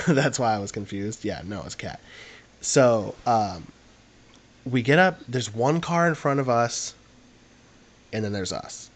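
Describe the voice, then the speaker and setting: A man's voice: medium pitch, lively intonation, unhurried, long pauses, a bit bright. A young man, co-hosting a podcast and telling a long, rambling anecdote in casual chat, full of fillers. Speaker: podcast co-host.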